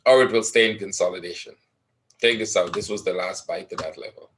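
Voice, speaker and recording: A man's voice: sits low, fairly quick, a bit bright, slight background noise. A man teaching forex trading in a live webinar, talking casually through chart patterns and often checking in with "right?".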